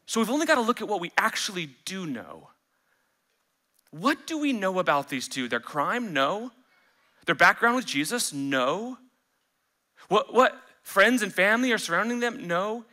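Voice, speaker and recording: A man preaching a sermon as pastor, animated, acting out the voices he quotes. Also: high-pitched, normal speed.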